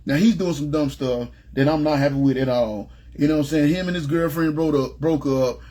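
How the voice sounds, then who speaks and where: A man's voice: a little high, a little fast, dark tone. A middle-aged man giving an informal, plain-spoken Bible teaching, driving his points home with emphasis and asking his listeners again and again whether they follow him. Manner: emphatic, plain-spoken, repeats "you know what I'm saying". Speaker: preacher.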